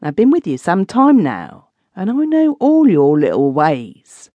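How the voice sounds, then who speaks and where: A woman voicing a scheming middle-aged housekeeper in an audiobook, dry and quietly menacing. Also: on the low side, wildly swooping pitch, unhurried, no room sound, lo-fi sound, pitched above the performer's own voice, full character voice. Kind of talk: audiobook reading.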